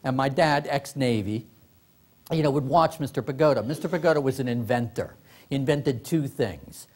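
A man's voice: mid-range voice, moderate pace, darkish tone. A middle-aged man, an author, telling comic stories to a live audience, laughing often and acting out quoted voices. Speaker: author giving a workshop talk. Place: library meeting room.

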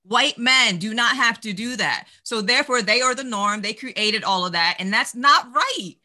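A woman panelist with a strikingly forceful, sharp-edged voice. She talks emphatically and conversationally, leaning on "like" as she builds her points. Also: on the high side, normal speed. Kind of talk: candid panel discussion.

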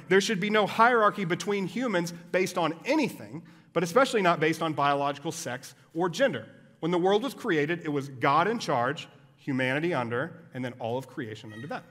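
A man's voice: on the high side, fairly bright tone. A man preaching a sermon as a pastor, explaining in a conversational way with casual asides. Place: church hall. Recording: long reverb of a church hall.

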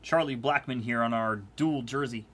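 A man's voice: mid-range voice, moderate pace, a bit bright. A man hosting a live trading-card break, chatting casually and teasing his viewers in a playful way. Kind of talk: casual live-stream commentary.

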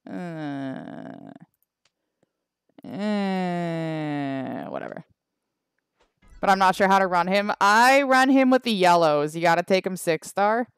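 A woman's voice: mid-range voice, fairly quick, hardly any pauses, clean tone, dry recording, clean studio sound. A Canadian woman streaming a mobile game, chatting casually and wryly with her chat, trailing off with fillers. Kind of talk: casual livestream chat reading the chat.

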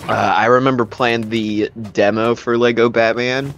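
A man's voice: medium pitch, fairly even intonation, normal speed, crowd noise. A young man co-hosting a casual video game playthrough, joking, laughing often and coughing now and then. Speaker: co-host playing a video game. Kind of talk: casual gaming chat.

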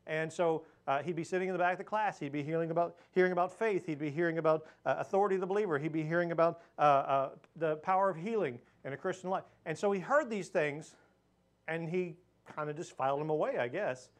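A man with a fairly high voice teaches a church lesson in a relaxed, conversational way. He tells stories plainly and leans into his points of faith with earnest emphasis. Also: fast. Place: church hall with pulpit.

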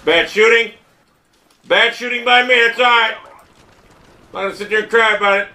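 A man gaming, swearing and raging at a shooter, muttering low one moment and yelling the next. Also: steady tone, moderate pace. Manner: profane, swings between muttering and yelling. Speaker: gamer. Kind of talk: raging gameplay commentary.

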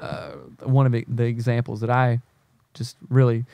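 A man's voice: mid-range voice, flat delivery, normal speed, creaky, mellow, no room sound, muffled recording. A man from the American South, a podcast guest, talking earnestly in casual conversation and acting out quoted lines. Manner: earnest, searching, restarts often, acts out quotes.

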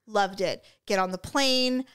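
A woman co-hosting a casual podcast, telling a travel story with lively quoted asides and frequent laughter. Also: mid-range voice, measured pace, clean tone. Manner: chatty storyteller, laughs often, acts out quotes. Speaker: podcast co-host. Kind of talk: casual chat. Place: indoor room with co-hosts. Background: live stream, a third person nearby.

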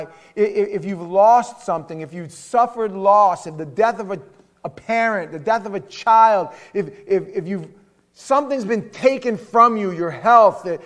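A man pastor preaching a sermon in a chatty, animated way, swinging from soft asides to loud emphasis. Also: sits high. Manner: conversational, with filler words.

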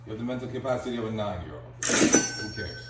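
A man's voice: fairly low pitch, fast. A man in a car, taunting in a mocking, dismissive way. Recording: echoey, distant, with car noise.

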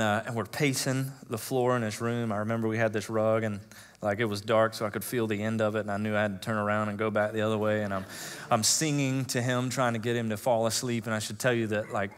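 A man in his thirties preaching as a pastor, telling personal stories in a conversational way with frequent fillers, dropping to hushed tones and rising to loud, emotional emphasis. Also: on the low side, level tone, fairly quick.

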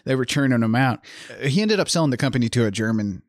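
A man's voice: medium pitch, lively intonation, quick pace, no room sound, clean studio sound. A man co-hosting a podcast, chatting casually about a horror film over beers and laughing often. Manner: chatty, laughs often, drinking beer while talking. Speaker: podcast co-host.

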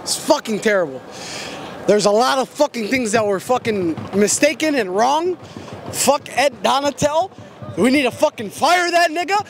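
A man with a very high voice gives blunt, furious answers full of swearing. He speaks into a street interviewer's mic outside after a game. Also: animated, moderate pace, slight background noise. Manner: blunt, angry, swears heavily. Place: city street outside a stadium.

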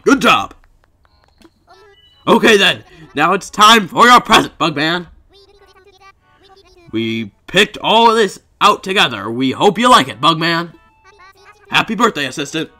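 A man's voice: high-pitched, sing-song, a little slow, pauses often, pushed and bright, faint music behind, full character voice. A man doing cheery singsong animal villagers. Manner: sing-song, playful. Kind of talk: reading game dialogue in voice.

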